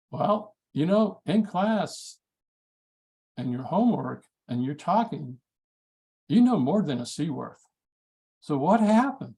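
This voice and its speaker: A middle-aged man presenting a math study skills workshop in a folksy, animated way, acting out his exchanges with students. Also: on the high side, unhurried, creaky. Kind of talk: conference workshop talk.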